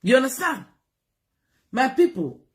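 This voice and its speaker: A woman with a Nigerian Pidgin accent giving advice in a casual talk, animated and lecturing, switching between Pidgin and English. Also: high voice, measured pace. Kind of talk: casual live-stream talk. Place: United Kingdom.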